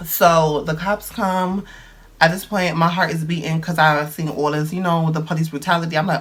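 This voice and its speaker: A man of twenty-one telling a story on his video blog, dramatic and animated, full of slang. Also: on the high side, normal speed. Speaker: vlogger. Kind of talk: storytime vlog.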